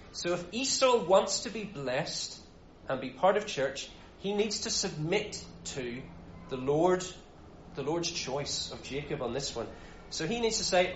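A man's voice: high voice, slight background noise. A man giving an informal sermon as a Bible teacher, talking in a casual, conversational way with frequent restarts. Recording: roomy, dull sound.

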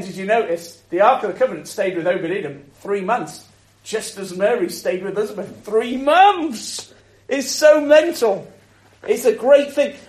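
A man preaching a Christmas sermon in a lively, conversational way, asking the listeners rhetorical questions. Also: high-pitched. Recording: echoey room.

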